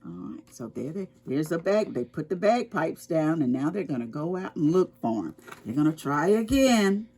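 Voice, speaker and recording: A woman's voice: low voice, breathy edge. A woman reading a picture book aloud to preschoolers, explaining words and asking the children questions as she goes. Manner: expressive, slow and explaining to children. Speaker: children's storytime reader.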